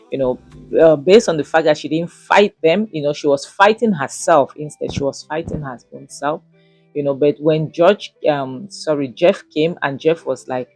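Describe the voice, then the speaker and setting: A woman's voice: low-pitched, darkish tone, no echo. A Nigerian woman recapping and reviewing a drama episode in a casual, rambling way, with many fillers. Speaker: series reviewer.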